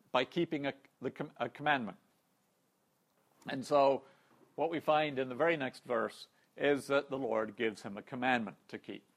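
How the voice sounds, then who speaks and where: A man teaches a Bible lesson in a steady, measured manner, reading passages aloud and then unpacking them. His mid-range voice carries a gravelly rasp. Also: mid-range voice. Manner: measured, reads Scripture aloud and explains it.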